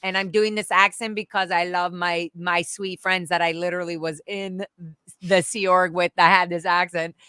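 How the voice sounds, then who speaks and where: A woman's voice: lowish voice, moderate pace, clean tone, no room sound, clean studio sound. A woman guest telling candid stories in conversation, swearing freely and acting out other people's voices. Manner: animated, profane, acts out quoted voices.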